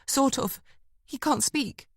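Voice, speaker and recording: A tense woman detective in an audiobook thriller, talking in short, breathless, urgent bursts, as a woman narrator voices her. The voice sits noticeably higher than the narration, and the sound is dry and close. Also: slow, no echo.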